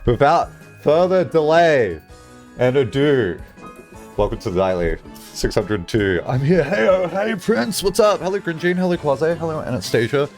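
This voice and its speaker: Animated male streamer chatting with viewers. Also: fairly high pitch, normal speed, faint music behind. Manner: animated, chatty, swears casually, many "like" fillers. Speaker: livestreamer. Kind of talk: casual livestream chat, answering chat.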